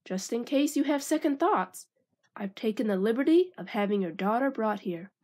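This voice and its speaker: A woman's voice: on the high side, lively intonation, normal speed, a little mellow. A wicked, boastful rat villain with a sneering, grandiose manner, as a woman reading aloud puts him on. A storybook reading.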